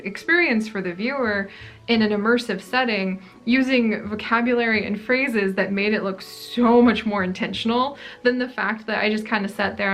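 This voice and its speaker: A woman's voice: on the high side, a bit bright. A woman hosting a gaming channel, chatting casually through a Q&A vlog in a rambling, friendly way. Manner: chatty, rambling, many "like" fillers.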